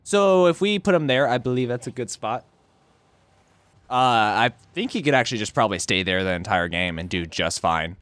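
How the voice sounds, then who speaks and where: Brief: lively male let's play host, wide pitch swings, goofy inflections, dry close sound. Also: normal speed, no room sound. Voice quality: swings pitch wildly, playful odd inflections, swears. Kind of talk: casual gameplay commentary.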